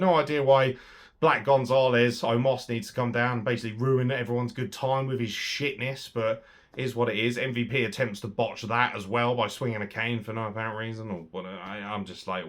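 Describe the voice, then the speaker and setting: A young man reviews wrestling in a profane, sarcastic monologue at a middle pitch. He lurches from loud bursts into low muttering. He's bluntly opinionated throughout. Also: fairly quick. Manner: sweary, sarcastic, animated swings in loudness.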